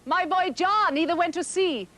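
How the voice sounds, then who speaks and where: A woman's voice: very high-pitched, moderate pace, bright, forceful tone. A woman voicing a proud, anxious mother who demands news of her sailor son, in a dramatic poetry recitation. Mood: pleading. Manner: insistent, pleading.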